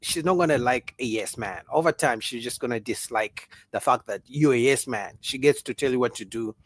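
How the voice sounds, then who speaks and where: A man's voice: medium pitch, moderate pace. A man hosting a casual livestream talk, arguing with rhetorical questions and reading out viewer comments. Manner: animated, argumentative, rhetorical questions; reads out viewer chat comments. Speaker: livestream host.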